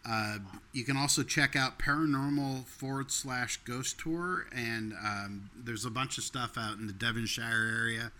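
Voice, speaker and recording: A man's voice: medium pitch, steady tone, unhurried, hardly any pauses, pushed and bright, slight background noise. A man co-hosting a casual podcast chat, rambling with many fillers and frequent laughter. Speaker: podcast co-host.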